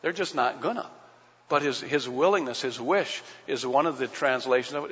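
A husky-voiced man delivers a sermon, preaching in a plain, folksy way and asking the congregation rhetorical questions. His voice rings out with a long reverb, as if in a large church sanctuary. The recording is dull and lo-fi. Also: a little high, fairly quick, fairly bright tone. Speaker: pastor.

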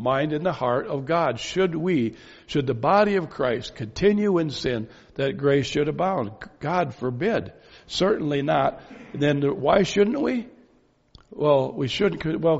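A man preaching a sermon, pressing his points with emphatic rhetorical questions and slow, stressed phrases. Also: mid-range voice, creaky, darkish tone, husky. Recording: dull lo-fi sound with long reverb in a hall.

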